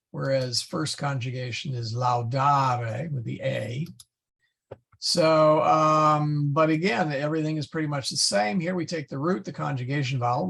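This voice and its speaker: A man teaching a Latin class, slowly going through verb forms and correcting his own slips. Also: on the high side, gravelly, a bit bright, slightly rough. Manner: slow, patient, stumbles and self-corrects; spells out Latin forms one by one. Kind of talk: classroom lesson.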